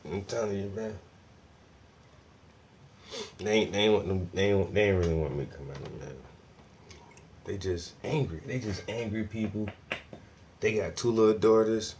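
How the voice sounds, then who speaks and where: A man's voice: fairly low pitch, normal speed, pauses often, darkish tone, a little hiss or hum. A man ranting casually about his neighbors, slangy, profane and full of laughs. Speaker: vlogger, artist. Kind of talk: casual rant.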